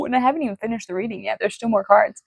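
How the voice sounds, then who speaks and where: A woman giving a casual tarot reading, excitable and emotional, swearing freely as she talks. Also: mid-range voice, gravelly, husky, no room sound. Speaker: tarot reader.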